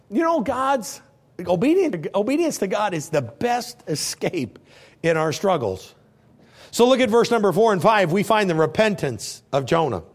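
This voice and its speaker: Animated, high-voiced middle-aged preacher. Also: male voice, moderate pace. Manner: animated storytelling, acting out scenes in voices. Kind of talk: sermon.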